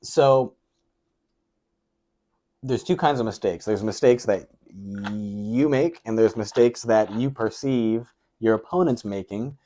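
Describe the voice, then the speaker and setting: A low-voiced man hosting a casual interview. He reflects his guest's words back to him thoughtfully, pausing on "um"s as he builds his points in a coach-like way. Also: mellow. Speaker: interview host.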